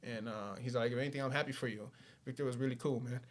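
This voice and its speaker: A man's voice: medium pitch, fairly even intonation, quick pace. Laid-back cursing man. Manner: laid-back, swears freely, keeps saying "you know". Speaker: podcast guest. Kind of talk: casual storytelling.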